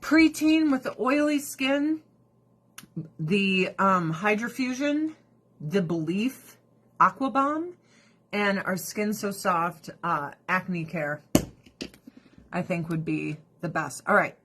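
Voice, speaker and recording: A woman's voice: medium pitch, slow, pauses often. A woman vlogger chatting through her skincare routine, profane and sarcastic, breaking into mocking voices. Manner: animated, drops into mocking voices. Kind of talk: casual rant during a skincare routine.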